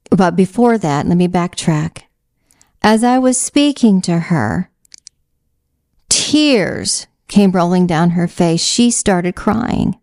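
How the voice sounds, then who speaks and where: A woman's voice: on the low side, darkish tone, no echo, studio quality. A middle-aged woman earnestly telling a Christian testimony and urging listeners on, repeating phrases for emphasis. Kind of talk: slow heartfelt testimony and exhortation.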